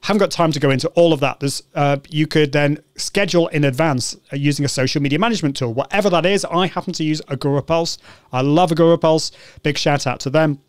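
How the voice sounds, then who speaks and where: British man, live-stream host, casual, upbeat, many restarts, smooth voice, dry sound. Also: a little high, quick pace, no room sound. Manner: chatty, upbeat, frequent restarts and ums.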